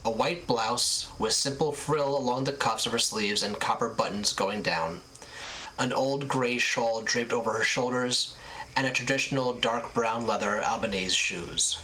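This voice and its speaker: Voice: medium pitch, measured pace, sharp tone, a little hiss or hum. A game master narrating a tabletop game, describing a scene at length with frequent restarts.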